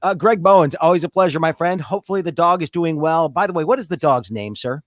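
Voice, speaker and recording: A man hosting a casual panel talk show from home, jokey and brisk as he runs the wrap-up. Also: on the high side, dry recording, clean studio sound. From Detroit area. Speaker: podcast host. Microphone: remote call from home.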